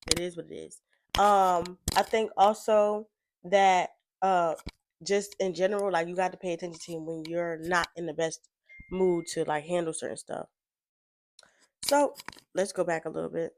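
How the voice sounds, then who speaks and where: A woman's voice: on the low side, steady tone, moderate pace, a little hiss or hum. A woman giving casual reaction commentary, rambling and frank, full of fillers. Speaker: reaction vlogger.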